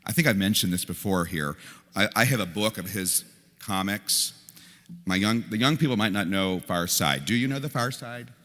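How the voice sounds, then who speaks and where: An older male priest preaching a lively, conversational sermon, his fairly low voice carried on the long reverb of a big church. He breaks into quoted lines with animated delivery. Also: moderate pace. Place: large church.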